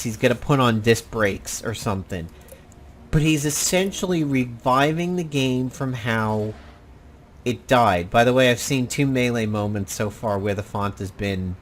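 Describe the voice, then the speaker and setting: Slow-talking blunt gaming commentator man. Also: mid-range voice, slight background noise. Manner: rambling, blunt and profane. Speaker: gaming channel host. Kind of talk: casual gameplay commentary.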